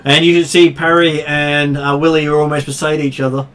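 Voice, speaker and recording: Steady-toned man running a tabletop game. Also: a little high, brisk, heavy reverb. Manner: patient rules explanations. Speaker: game master. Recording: distant mic with faint noise.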